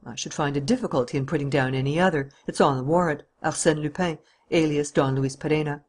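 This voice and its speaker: A man voices a smiling prison governor in a storybook reading, calm and dry. The voice is husky and even. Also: fairly high pitch, quick pace.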